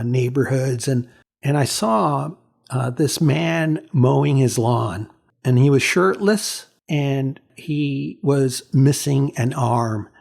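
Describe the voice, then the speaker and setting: A man in his sixties, a photographer being interviewed, telling stories in a halting way with many repeats and fillers. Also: mid-range voice, gravelly, darkish tone. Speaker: photographer, guest. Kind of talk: reflective storytelling in an interview.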